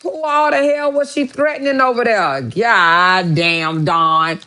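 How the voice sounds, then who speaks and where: Slow-talking, profane woman vlogger. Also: medium pitch, fairly even intonation, bright, forceful tone, rough recording. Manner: profane, exclamatory, talks to viewers. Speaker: vlogger host. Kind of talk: casual reaction commentary.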